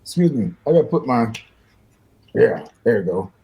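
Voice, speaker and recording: An older man, a guest musician, telling animated, fast-paced stories in an interview and acting out the voices of the people in them. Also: mid-range voice, low-quality recording. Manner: fast-talking, acts out voices in his stories, laughs often.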